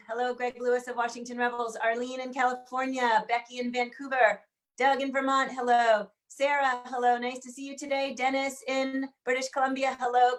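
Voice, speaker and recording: Flat-voiced woman hosting a livestream. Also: on the high side. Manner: warm, chatty greeting of viewers by name. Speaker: host of an online sing-along. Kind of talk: livestream welcome and greetings. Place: room in Washington, D.C.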